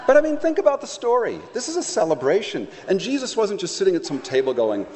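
A man's voice: fairly high pitch, wildly swooping pitch, a little fast, few pauses, darkish tone, slight background noise. Man preaching in an echoing hall. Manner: conversational, playful storytelling with acted asides. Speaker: pastor. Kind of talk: sermon.

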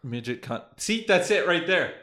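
A man talks on a casual podcast with a slightly raised pitch. He swears constantly and rants with lots of animation. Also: moderate pace. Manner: heavy swearing, animated ranting. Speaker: podcast co-host. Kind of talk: crude casual podcast chat.

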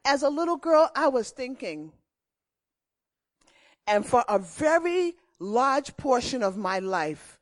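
A middle-aged woman preaching a sermon, telling personal stories in an animated way and repeating key phrases. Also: sits high, takes it slowly, pauses often.

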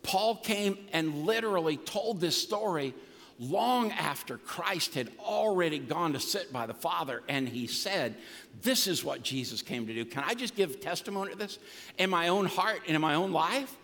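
A man's voice: sits high, expressive, moderate pace, a bit bright. An older man preaching a sermon as pastor, emphatic and folksy with humor. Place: church sanctuary. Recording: long reverb of a large hall.

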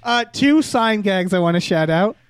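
High-voiced enthusiastic man, podcast co-host. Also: animated, moderate pace. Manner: enthusiastic, laughs often, reads quoted gags. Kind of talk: casual chat.

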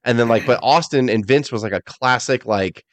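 A man co-hosting a podcast, telling stories in animated casual chat, swearing freely. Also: mid-range voice, normal speed, dry recording. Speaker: podcast co-host.

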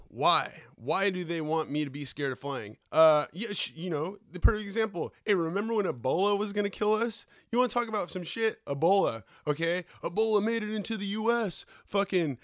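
A podcast host with a fairly high male voice goes on a loose, sarcastic, profane rant packed with slang. The recording is dry and close.

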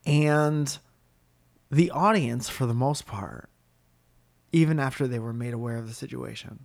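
A man's voice: medium pitch, measured pace, creaky. A man casually telling a comic anecdote in a chat, swearing freely and acting out the people he quotes. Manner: profane, animated storyteller acting out quotes.

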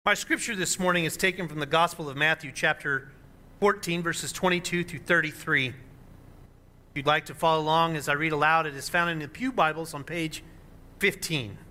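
Guy pastor giving a sermon, high sharp voice, real dramatic when he reads the bible bits. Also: fairly quick, a little hiss or hum. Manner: dramatic, expressive reading of scripture voices. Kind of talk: sermon with scripture reading.

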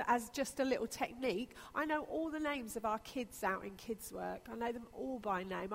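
A woman pastor preaching a sermon with earnest, repetitive emphasis. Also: fairly high pitch. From Britain. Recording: long reverb of a church hall.

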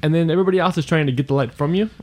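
Male podcast co-host, loose rambling delivery, slightly higher register. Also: very fast. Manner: rambling, laughs often, trails off mid-sentence. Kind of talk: casual chat.

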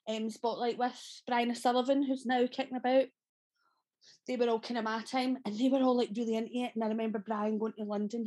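Guesting on a relaxed podcast interview, a Glaswegian actress from Scotland in her thirties chats away with stories, frequent laughter and free swearing. Her voice sits on the high side with a darkish tone.

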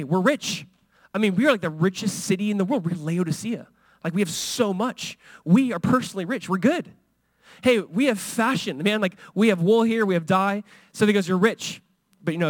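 A man with a high-pitched voice preaches a sermon in a casual, conversational way. He animates quoted lines with lively bursts. The sound is dry and close. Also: no echo. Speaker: pastor.

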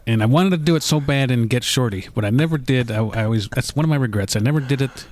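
A Midwestern man with an ordinary mid-range voice talks bluntly in casual podcast chat. He is quick to pass firm verdicts and brushes off disagreement. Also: mid-range voice. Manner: blunt, opinionated.

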